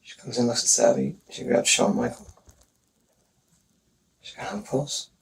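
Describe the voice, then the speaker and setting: A man recounting events in a police interview, speaking haltingly and hesitantly with many pauses. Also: mid-range voice, lively intonation, gravelly. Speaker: murder suspect in a police interview. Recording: distant interview recording with faint noise.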